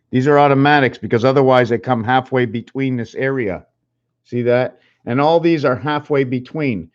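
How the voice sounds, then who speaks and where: A man talks to his channel in a halting, musing way, counting numbers and spelling letters aloud as he draws. He sounds a little out of breath. His voice sits at a middling pitch, and the recording is slightly dull. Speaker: channel host. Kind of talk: rambling numerology talk while drawing.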